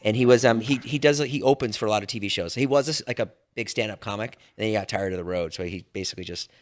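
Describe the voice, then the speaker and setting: A man's voice: fairly low pitch, rapid-fire. A man in his forties co-hosting a casual podcast, telling stories with many restarts and acting out what his neighbors said. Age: 40s. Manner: animated, stammering storyteller who acts out neighbors' lines. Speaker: podcast co-host. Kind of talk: casual storytelling chat.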